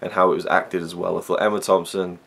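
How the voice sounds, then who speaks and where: A man's voice: sits low, little pitch movement, fast, vocal fry, fairly bright tone, breathy edge. A man giving a casual, rambling film review, full of fillers and restarts.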